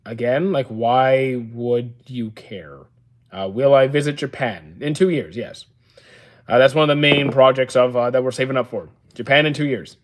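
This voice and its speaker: Deadpan man answering livestream chat. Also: mid-range voice, normal speed. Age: 30s. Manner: dry, deadpan replies with offhand fillers. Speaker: streamer. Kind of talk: casual livestream chat, reading and answering viewer comments. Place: indoor room used for storing action figures.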